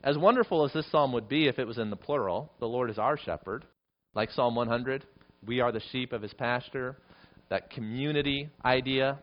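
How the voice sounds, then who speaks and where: A man in the middle of a sermon, speaking at a moderate pitch with earnest, steady conviction. He leans hard on repeated phrases and lets his voice climb and swell on them. The recording is a little dull and lo-fi. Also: normal speed. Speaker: pastor.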